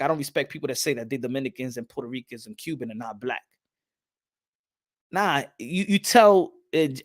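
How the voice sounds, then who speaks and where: A man with a somewhat high voice talks casually on his podcast, animated and prone to repeating himself. He plays out little exchanges and sprinkles in the odd Spanish phrase.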